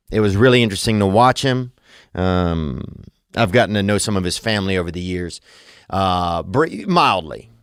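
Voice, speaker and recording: A man's voice: fairly low pitch, no room sound, clean studio sound. A man hosting a podcast, rambling through a comedic monologue full of absurd wordplay and meandering asides. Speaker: podcast host.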